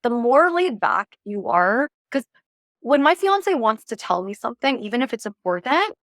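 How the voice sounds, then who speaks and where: A woman's voice: a little high, moderate pace, dry recording, clean studio sound. A woman giving relationship advice in a casual interview, playful and lighthearted, acting out what people say. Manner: lively, acts out quoted lines. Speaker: relationship coach guest.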